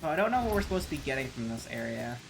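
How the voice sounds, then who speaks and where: A man's voice: mid-range voice, sing-song, racing, creaky, background noise. A man giving playful, joking commentary while playing a game, stumbling when he reads text aloud. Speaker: gaming streamer.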